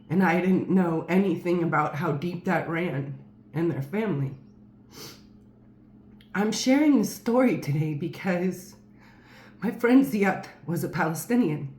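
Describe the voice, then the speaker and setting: A woman's voice: fairly low pitch, a little mellow. A woman telling a personal story to camera in a casual, rambling way, with many fillers and restarts. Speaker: storyteller vlogger. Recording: roomy echo.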